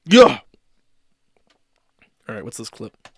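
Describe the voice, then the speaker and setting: A man's voice: mid-range voice, lively intonation, moderate pace, a bit bright. Sardonic man ranting on stream. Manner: mocking, rambling, swearing. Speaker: streamer host. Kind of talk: sarcastic commentary stream.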